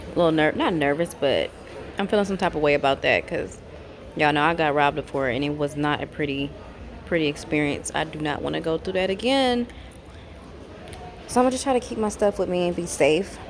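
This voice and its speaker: A woman talking casually to her phone camera in an airport for a travel vlog, chatty and expressive, venting her frustrations as she goes. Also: deep voice. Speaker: travel vlogger. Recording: noisy airport ambience.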